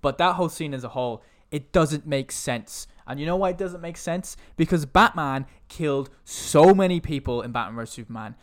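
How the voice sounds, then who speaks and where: A man co-hosting a casual film chat, ranting with animated energy and heavy swearing. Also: a little high, fairly quick, hardly any pauses.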